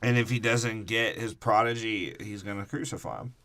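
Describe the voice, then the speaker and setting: A man's voice: on the low side, steady tone, normal speed, fairly bright tone. A man co-hosting a casual podcast, rambling through irreverent jokes and swearing while discussing a film. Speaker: podcast co-host. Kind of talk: casual movie breakdown chat.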